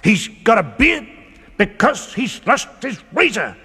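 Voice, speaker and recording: A man voicing a small, chatty, silly male mouse in a storybook, speaking slowly and playfully. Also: high-pitched, sing-song, sharp tone, slightly rough, long reverb tail, pitched above the performer's own voice, exaggerated voice. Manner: slow, playful, drawn out. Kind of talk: storybook reading.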